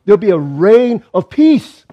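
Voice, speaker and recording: A male pastor delivering a sermon in a casual, chatty way, often breaking off for a joke or restarting a phrase. His voice sits a bit high. The recording sounds muffled and lo-fi. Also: very animated, measured pace. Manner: conversational, with joking asides and restarts. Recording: dull lo-fi recording.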